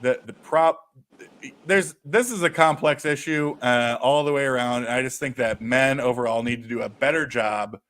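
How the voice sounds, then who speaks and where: A man's voice: mid-range voice, normal speed, fairly bright tone. Rambling male podcast host. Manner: rambling, stammers and restarts. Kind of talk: casual podcast chat.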